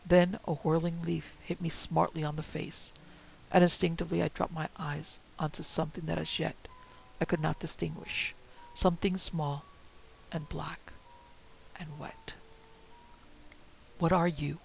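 A man reading a ghost story aloud in a dramatic, hushed way that drops often into whispers. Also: a little high, flat delivery, moderate pace, creaky, slight background noise, low-quality recording. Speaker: narrator.

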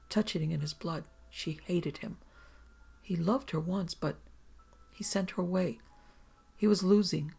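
A reader voicing a dazed young woman who confesses in a flat monotone, with a gravelly, husky voice. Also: medium pitch, heavily acted.

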